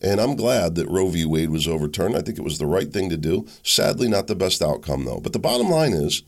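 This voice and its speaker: A man's voice: sits low, brisk. A man hosting a political talk show, giving a blunt, opinionated monologue with frequent restarts. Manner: animated, blunt, with frequent restarts and mock voices.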